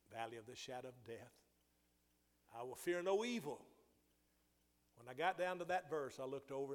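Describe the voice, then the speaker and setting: An older man preaching a sermon, telling a personal story with restarts and rising emphasis. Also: mid-range voice. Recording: long hall reverb.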